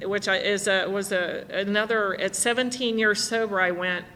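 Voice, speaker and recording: Bright-voiced woman telling her story in a hall. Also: medium pitch, steady tone, normal speed, slight background noise. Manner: candid, self-mocking storytelling. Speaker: speaker sharing at a recovery meeting. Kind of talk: personal story talk. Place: conference hall. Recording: live hall recording with long reverb.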